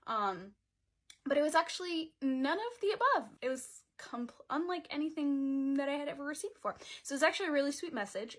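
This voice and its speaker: Chatty young woman telling a storytime. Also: a little high. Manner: chatty, heavy use of "like" fillers; dramatic, animated retelling. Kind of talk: casual storytime vlog.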